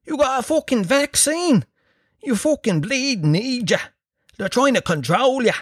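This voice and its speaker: A man voicing an aggressive, sweary male anti-vaccine heckler in a high, strained shout. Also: sing-song, measured pace, breathy edge, no room sound, studio quality, heavily acted. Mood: mocking rant.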